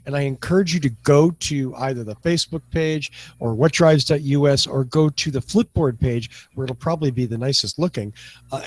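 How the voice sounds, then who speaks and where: A man co-hosting a casual panel chat, talking in animated, rambling runs full of restarts. His voice sits fairly high. The sound is dry and close. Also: dry recording. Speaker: podcast co-host.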